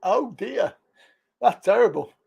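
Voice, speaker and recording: Chatty high-voiced male call-in host. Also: animated, slow, gravelly, a little mellow, husky, highs cut off. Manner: chatty, laughs easily, lots of fillers. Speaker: host of a live call-in stream. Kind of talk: casual chat with callers.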